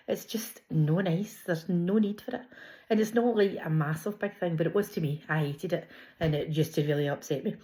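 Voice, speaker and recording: A middle-aged Scottish woman with a broad Glasgow accent, talking straight to camera in a relaxed, chatty vlog. Her voice sits low for a woman, and she tells her stories with easy laughter. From Scotland. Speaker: vlogger. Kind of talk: casual personal vlog.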